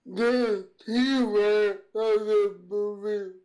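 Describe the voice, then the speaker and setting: Woman, tabletop player, very slow, mellow voice, hesitant. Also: medium pitch, steady tone. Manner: hesitant, pauses to think. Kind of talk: casual game talk.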